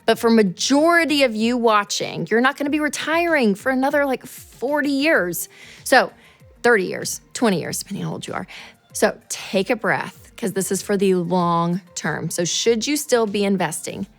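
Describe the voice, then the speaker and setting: A woman in her thirties hosting a show, talking through money advice in a casual, animated way and acting out quotes. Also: normal speed, faint music behind. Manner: animated, chatty, acts out quotes in a higher voice. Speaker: show host.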